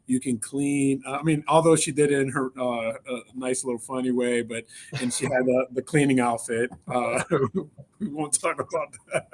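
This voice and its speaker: A man co-hosting a casual workplace live stream, an animated storyteller who halts with many fillers and laughs often. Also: medium pitch, normal speed. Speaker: co-host of company live stream. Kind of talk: casual chat.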